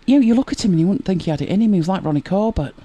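A woman hosting a live stream, chatting casually with viewers, wry and exasperated with quick laughs. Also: mid-range voice, lively intonation, mellow. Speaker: livestream host.

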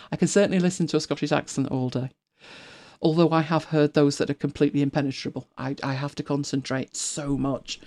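A woman in her fifties co-hosts a podcast, chatting and rambling casually, laughing often and occasionally sinking into a whisper. Her voice sits low and is a little mellow.

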